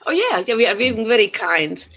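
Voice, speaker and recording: A woman's voice: fairly high pitch, big pitch swings, normal speed, pushed and bright, highs cut off, a little hiss or hum. An older woman with a Central European accent, giving a talk and telling her life story with wry humor. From Yugoslavia. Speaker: guest speaker. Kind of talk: talk to an online audience.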